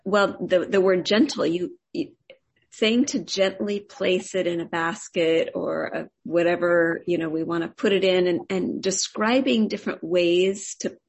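A woman speaks slowly and unhurriedly, her voice gravelly with fry and a husky edge. She gives warm, halting praise in a casual group chat, circling back and repeating herself. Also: lowish voice, fairly even intonation. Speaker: meditation group participant. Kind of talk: heartfelt casual feedback.

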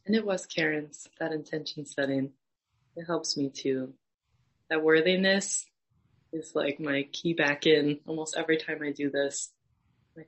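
Low, husky woman speaking reflectively. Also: unhurried, poor audio. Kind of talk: casual group feedback.

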